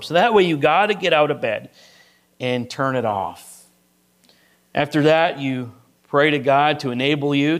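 In a relaxed, conversational sermon, a middle-aged male pastor builds his point around a personal story. He speaks at a middle pitch and frequently pauses to ask "right?"

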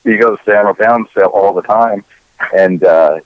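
A man's voice: fairly low pitch, normal speed, no echo, highs cut off. A man co-hosting a casual talk show, rambling and opinionated with lots of profanity. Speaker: podcast co-host. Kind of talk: casual chat.

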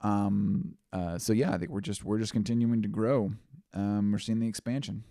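Guy rambling on a music podcast, warm mellow voice, dry close sound, lots of likes. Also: lowish voice, fairly even intonation, moderate pace, vocal fry, no echo. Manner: rambling, heavy on "like" and "you know", swears casually. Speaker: podcast co-host. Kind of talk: casual chat.

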